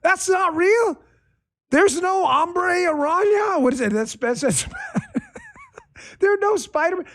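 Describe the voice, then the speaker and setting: A man putting on the voice of a gullible adult man in shrill, mocking disbelief. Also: animated, slow pace, long pauses, fairly bright tone, full character voice. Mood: mock shock. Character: gullible adult man shocked movies are fake.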